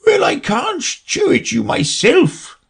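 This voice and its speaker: Mock Turtle, high and weeping. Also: male voice, sing-song, creaky, a bit bright, heavily acted. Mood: tearful. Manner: slow, high, tearful wail. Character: sobbing melancholy Mock Turtle, male, old.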